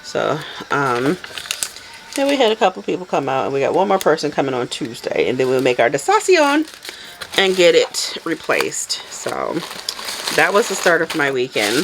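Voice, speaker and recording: Low-voiced woman telling a lively story. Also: moderate pace, noisy background. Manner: animated storytelling, laughs often. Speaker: soap maker vlogger. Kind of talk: casual chat while packing orders.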